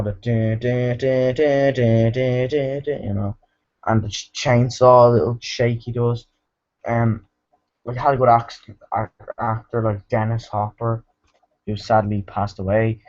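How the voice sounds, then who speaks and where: A man's voice: on the low side, a little mellow, dull audio. A man giving a casual, rambling movie review, full of fillers and restarts.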